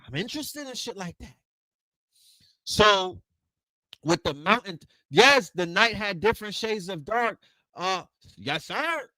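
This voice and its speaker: A man hosting an online lecture, telling stories in an animated, slangy, profane way, acting out quotes and restarting his sentences. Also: sits high, no echo, poor audio. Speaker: lecture host. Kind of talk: casual storytelling lecture.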